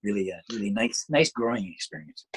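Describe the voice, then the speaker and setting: Husky-voiced man chatting loosely. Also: fairly low pitch, animated, brisk, low-quality recording. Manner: rambling, with many restarts and fillers. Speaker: guest musician and internet radio DJ. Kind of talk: casual interview chat.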